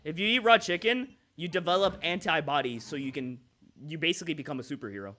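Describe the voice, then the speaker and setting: Brief: young male streamer, lively, bright voice, quick jokes, music under. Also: on the high side. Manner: joking, reacting to chat, sudden shouts. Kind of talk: live gameplay commentary.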